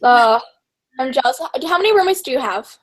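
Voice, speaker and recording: A woman's voice: sits high, lively intonation, a little fast, fairly bright tone. A young woman chatting casually as a book channel host, bubbly and rambling, with lots of fillers. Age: young adult. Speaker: booktuber host. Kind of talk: casual chat.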